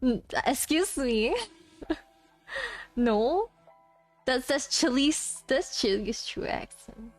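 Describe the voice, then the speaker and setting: A young woman chatting casually on a desk mic during a stream. She giggles often and sounds a little self-conscious as she reads out chat. Her voice sits fairly high and her pace is unhurried. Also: lively intonation, soft background music.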